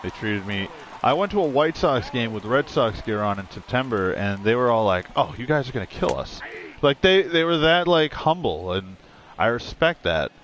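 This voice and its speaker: A man's voice: mid-range voice, sing-song, normal speed, fairly bright tone, slight background noise. A man giving casual, rambling commentary while playing a video game, blunt and full of swearing. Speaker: gaming streamer. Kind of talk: casual let's-play commentary.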